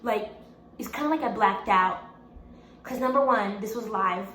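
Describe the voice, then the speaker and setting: A young woman telling a storytime testimony in an animated way, repeating phrases and rising into exclamations. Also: medium pitch, moderate pace. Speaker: vlogger. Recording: echoey room, faint background hum.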